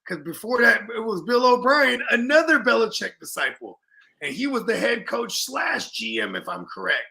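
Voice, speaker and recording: Young male co-host; loose, profane banter, high and edgy. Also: sing-song, moderate pace, gravelly, pushed and bright. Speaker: podcast co-host. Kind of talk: casual sports chat.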